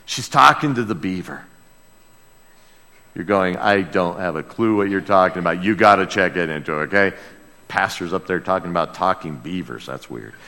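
A man's voice: mid-range voice, creaky, pushed and bright, long reverb tail. A man preaching a sermon as pastor, talking directly to his congregation and asking them questions. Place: church.

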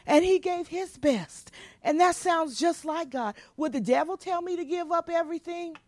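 A woman's voice: very high voice, moderate pace, a little mellow, no room sound. A woman pastor preaching a sermon in a folksy, emphatic way.

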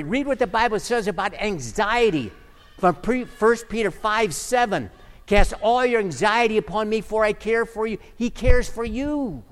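High-voiced man preaching in a reverberant hall. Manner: emphatic, rhetorical questions. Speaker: pastor. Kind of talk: sermon.

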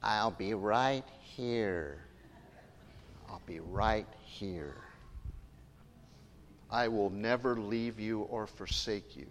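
A man voicing a small, gentle, lost alien creature in a slow, hushed, low croaky imitation. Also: a little hiss or hum. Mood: tender. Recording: long reverb in a large hall.

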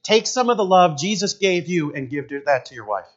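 A middle-aged man, a pastor preaching a sermon in an animated, jokey way. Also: fairly high pitch, fairly quick, highs cut off. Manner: animated, jokey, shouts in acted quotes.

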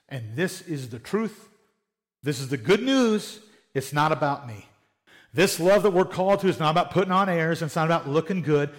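A man preaching a sermon in a plain-spoken, conversational way, often acting out little quoted exchanges. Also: sits high. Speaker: pastor.

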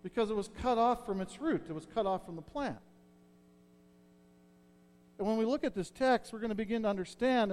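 A middle-aged male pastor giving a sermon in a conversational way, checking in with his listeners as he explains a passage. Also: high-pitched.

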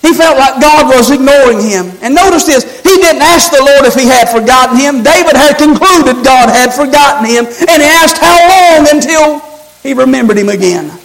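A preacher man delivers a fervent sermon in a very high, gravelly voice. He calls out to the congregation and climbs into shouts at the peaks. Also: lively intonation, moderate pace, low-quality recording. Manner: rising to shouts, call-and-response preaching.

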